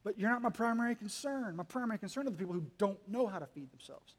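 High-voiced preacher in a reverberant hall. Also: male voice, lively intonation, quick pace. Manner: dynamic, swinging between quiet asides and loud emphatic lines; humorous, teasing the congregation. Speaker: pastor. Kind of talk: sermon. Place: church hall.

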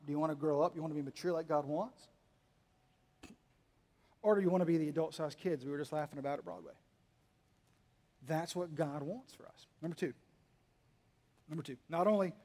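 Male pastor, high voice, dynamic sermon delivery with humor, hall reverb. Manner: dynamic, swinging between quiet asides and loud emphatic lines; humorous, teasing the congregation. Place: church hall.

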